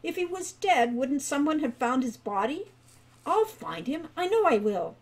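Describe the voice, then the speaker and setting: A brash teenage boy from a fantasy storybook, read by a woman, full of stubborn confidence and itching for a fight. He boasts and teases, brushing off every warning, in a slightly high voice. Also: sing-song, measured pace, heavily acted. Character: eager cocky teenage boy hero.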